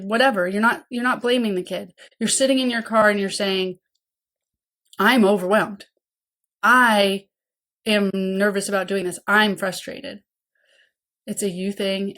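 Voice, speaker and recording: Earnest woman coaching listeners, checking in often. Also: mid-range voice. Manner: earnest and coaching, with frequent "okay?" check-ins; acts out worried caregivers' inner voices. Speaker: podcast host and mentoring program founder. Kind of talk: casual teaching monologue.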